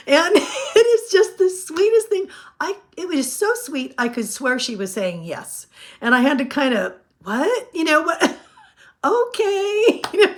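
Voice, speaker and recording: A woman in her fifties chatting casually to her viewers as a weight-loss vlogger, rambling and laughing often. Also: medium pitch. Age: 50s. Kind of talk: casual chat to camera.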